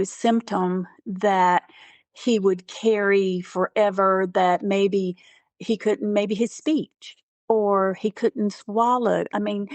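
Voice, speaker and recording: A woman being interviewed as a caregiver, speaking earnestly and haltingly, with many "you know" fillers. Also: mid-range voice, no echo. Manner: earnest, faith-driven. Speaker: guest, caregiver. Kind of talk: conversational interview.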